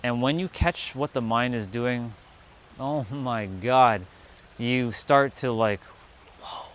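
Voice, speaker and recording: Casting: a man streaming outdoors, casual and profane spiritual storyteller, mid-pitched voice. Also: slow pace. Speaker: livestream host. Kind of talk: spiritual talk to a live chat. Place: outdoors, sitting on a rock.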